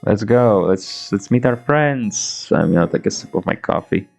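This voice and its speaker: A man's voice: on the low side, lively intonation, moderate pace, vocal fry, darkish tone, slightly rough, faint music behind. A man in his twenties streaming a game, chatting loosely with restarts and laughs, reading the on-screen dialogue in his own voice. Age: 20s. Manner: rambling, stammering restarts, swears, laughs often. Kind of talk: casual gameplay commentary, reading dialogue aloud. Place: home room, playing on a laptop.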